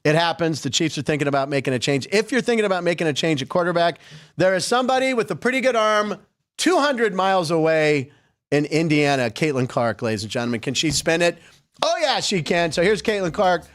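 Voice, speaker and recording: A man's voice: fairly high pitch, animated, a little fast, a bit bright. A man hosting a sports podcast, chatting casually with wry, sarcastic asides.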